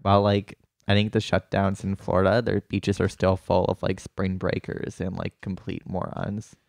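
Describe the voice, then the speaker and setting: A man's voice: sits low, completely flat delivery, normal speed, creaky, darkish tone, no room sound, clean studio sound. A man co-hosting a podcast in casual comedic chat, chatty and laughing, with many fillers. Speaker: podcast co-host.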